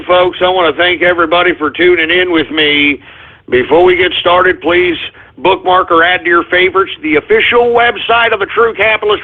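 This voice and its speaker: A man hosting a talk radio show, ranting and swinging from calm talk to angry shouting. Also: high-pitched. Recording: muffled phone-like internet radio audio.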